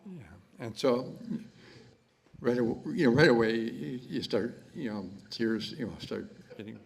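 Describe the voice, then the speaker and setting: A man from Canada speaking at his mother's memorial, halting and repeating words with many fillers. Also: medium pitch, creaky, poor audio. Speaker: son giving a eulogy. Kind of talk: memorial speech.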